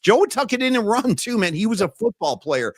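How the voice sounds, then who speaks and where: A middle-aged man with a somewhat high voice talks sports on a podcast, lively and joking, breaking into laughs. His voice is recorded close and dry, with no room sound. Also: fairly quick, slightly rough, no echo. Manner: animated and joking, laughs often. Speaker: podcast co-host. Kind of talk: casual sports talk.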